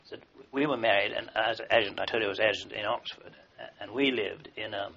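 Recorded in dull lo-fi, an elderly man who served in the army tells lengthy wartime stories for an oral history, wandering off track, using fillers, and starting over. He talks fast in a fairly low, gravelly, sharp voice.

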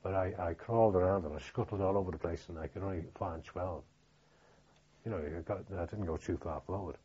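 An older veteran from Liverpool, England, shares oral history memories in a low, husky, dark voice. He speaks plainly but haltingly, restarting often and leaning on fillers. The recording is dull and lo-fi.

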